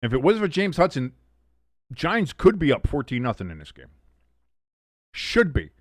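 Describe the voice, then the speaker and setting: Excitable man calling football live. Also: on the high side, normal speed, dry recording, studio quality. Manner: excitable, swears, calls plays then mutters asides. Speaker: host of a live sports watch-along stream. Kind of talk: casual live play-by-play commentary.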